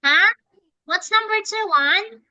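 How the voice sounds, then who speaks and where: Woman teacher, bright high voice, dry close sound, unhurried coaxing delivery for a kid's lesson. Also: dry recording, highs cut off. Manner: patient, coaxing, repeats prompts. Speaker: English teacher. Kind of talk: one-on-one lesson with a child.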